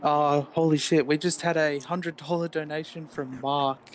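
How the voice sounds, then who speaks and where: Man on race control, flat delivery, slightly high, jumps in with urgent updates. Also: a little hiss or hum. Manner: breaks in with quick urgent updates.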